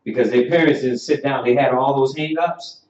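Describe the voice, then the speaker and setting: A teacher with a Southern US accent delivers sermon-style class teaching in an echoey room, his medium-pitched voice fairly even in intonation. He preaches emphatically, rising nearly to a shout and drawing out repeated questions. The recording is muffled, roomy, and captured far from the mic.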